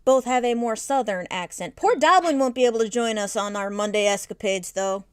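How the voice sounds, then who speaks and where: A woman's voice: a little high, brisk, clean tone, no echo, clean studio sound. Chatty Midwestern woman streamer. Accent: American Midwestern. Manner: chatty, thinks aloud. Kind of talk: casual chat while gaming.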